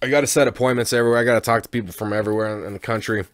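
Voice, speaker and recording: A man's voice: mid-range voice, steady tone, very fast, no echo. A man co-hosting a podcast in a casual chat, rambling and laughing often with frequent restarts, recorded in a studio. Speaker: podcast co-host.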